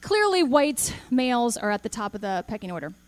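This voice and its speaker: Woman speaker, animated storytelling talk, slightly higher voice, acts out dialogue. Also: a little fast. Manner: animated storyteller, acts out quoted dialogue, asks the audience questions.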